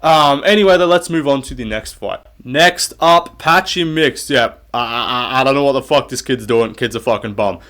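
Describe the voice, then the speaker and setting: A young man talking through a fight card recap in a casual, offhand way. He is blunt and sarcastic and swears constantly, with a voice of ordinary middle pitch. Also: moderate pace, few pauses, fairly bright tone. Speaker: MMA recap host.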